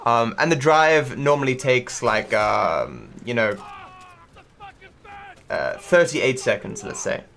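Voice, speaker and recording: A man's voice: medium pitch, lively intonation, slow pace, creaky, fairly bright tone. Rambling Australian man, hard-to-place accent. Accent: mixed, not typically Australian. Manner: rambling, many fillers and restarts, swears freely. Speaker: streamer. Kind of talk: casual livestream commentary while gaming.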